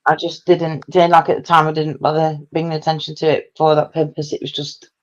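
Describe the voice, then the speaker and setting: An easygoing guest chats casually on a live stream and laughs often. The voice sits at a middle pitch. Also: level tone, brisk, lo-fi sound.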